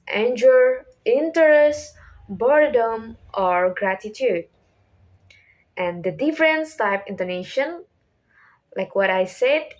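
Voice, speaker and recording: A young woman presents a class topic in a slow, deliberate way, correcting herself now and then. Her voice sits a little high, and she takes her time over each phrase. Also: rough recording. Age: young adult. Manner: slow, careful, learner's phrasing with self-corrections. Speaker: student presenter.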